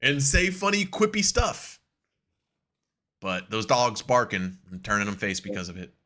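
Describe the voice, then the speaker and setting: Young male co-host, bright voice, animated ranter, loose and profane. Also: on the low side, unhurried. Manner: animated ranting, swears a lot, laughs often. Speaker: podcast co-host. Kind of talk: casual chat.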